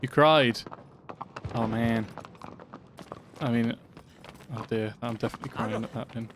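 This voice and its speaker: A man's voice: mid-range voice, fairly even intonation, unhurried, background noise. A man streaming a video game, giving chatty, rambling live commentary as he plays. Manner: chatty, rambling, easily sidetracked. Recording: loud game music behind.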